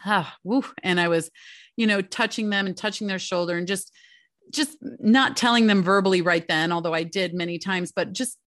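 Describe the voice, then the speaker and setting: A woman's voice: mid-range voice, normal speed, a bit bright, no echo, studio quality. A middle-aged woman talking casually to the camera about her years as a homeschooling mother, chatty and heartfelt, often checking in with "right?" and "you know". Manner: heartfelt and openly emotional. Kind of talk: casual reflective talk to camera.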